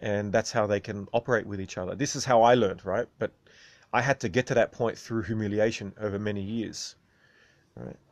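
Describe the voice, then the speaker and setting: A man's voice: on the low side, brisk, no room sound. A man hosting a casual video monologue, rambling and tagging sentences with "right?". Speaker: video host.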